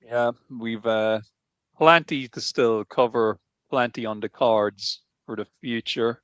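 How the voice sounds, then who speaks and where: A man's voice: mid-range voice, fairly even intonation, takes it slowly, fairly bright tone, smooth, no echo. A man co-hosting a casual podcast, dropping short dry quips and wrapping up the show. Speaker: podcast co-host. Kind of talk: casual chat. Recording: dry, slightly muffled mic.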